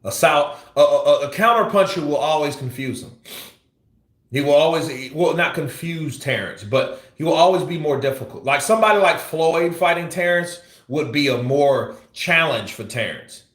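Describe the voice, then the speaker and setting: A man's voice: on the high side, lively intonation, normal speed, a bit bright, reverberant. Blunt, profane male boxing commentator. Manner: blunt, profane, rants while teasing. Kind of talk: livestream commentary.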